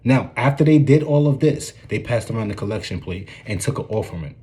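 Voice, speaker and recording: Mellow-voiced man preaching earnestly. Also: lowish voice, expressive, brisk. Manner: earnest, repeats "you dig what I'm saying". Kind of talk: informal preaching commentary.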